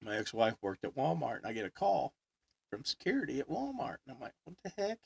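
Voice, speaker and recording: A man's voice: medium pitch, huge pitch swings, quick pace, vocal fry, husky, no room sound. A middle-aged man co-hosting a podcast, telling rambling stories and laughing often, with close, dry sound. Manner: rambling anecdotes with lots of laughter and acted quotes. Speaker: podcast co-host. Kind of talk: casual chat, storytelling.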